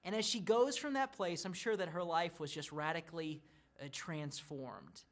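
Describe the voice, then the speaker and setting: A man in his thirties, a pastor, addressing church small groups on video and telling family stories in an animated way. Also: on the high side, normal speed. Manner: warm storytelling, animated about his family.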